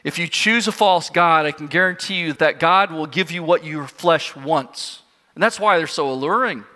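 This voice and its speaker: A man's voice: a little high, moderate pace, bright, forceful tone. A man preaching a sermon to his congregation, earnest and questioning his listeners. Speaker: pastor. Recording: long hall reverb.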